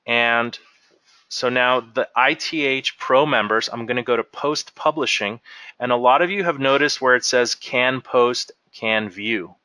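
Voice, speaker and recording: A man leading a software training webinar, explaining settings step by step as he clicks through them. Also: mid-range voice, unhurried, dry recording. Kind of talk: screen-share software walkthrough.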